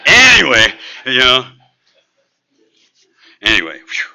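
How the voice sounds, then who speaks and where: A middle-aged man stands before a meeting room and tells his own recovery story. His voice is very bright and forward, and his telling is animated and street-casual. He sits at an ordinary middle pitch for a man. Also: slow, creaky, faint music behind, low-quality recording. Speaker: AA meeting speaker.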